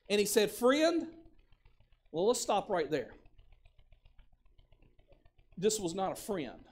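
A high-pitched male pastor preaches a sermon in a conversational style. He often repeats words and builds up to shouted lines.

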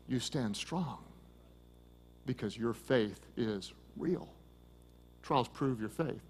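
A man preaching a sermon as pastor, swinging from loud emphasis to hushed intensity and telling stories with quick asides. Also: mid-range voice, breathy edge, long reverb tail.

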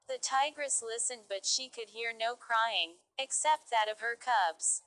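A woman's voice: on the high side, a little slow, few pauses, fairly bright tone, low-quality recording. A woman reading stories aloud carefully for English learners. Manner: careful, clear reading pace. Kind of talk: slow read-aloud narration.

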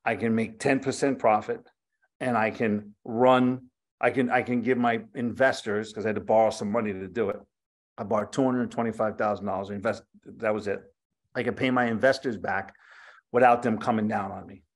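Speaking at normal speed in a lowish voice, this middle-aged man, a chef and restaurateur, shares stories in a relaxed interview. He is animated, performs the dialogue he quotes, and swears casually.

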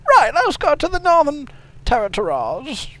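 A man voicing a cranky, crude elderly father with a gravelly, fussy, deadpan manner, improvising comedy over a video game. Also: extremely high pitch, moderate pace, exaggerated voice. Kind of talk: improvised comedy gaming commentary.

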